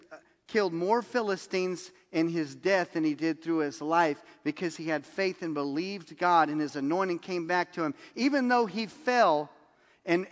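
A pastor with a voice on the high side preaches a sermon full of animated stories, acting out people's lines with laughs. A long reverb tail trails his words.

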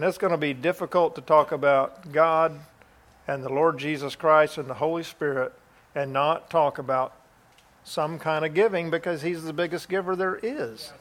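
A man with a slightly higher voice hosts a Christian talk show. He talks with eager enthusiasm and drops in amens and quick laughs as he questions his guest. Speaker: host.

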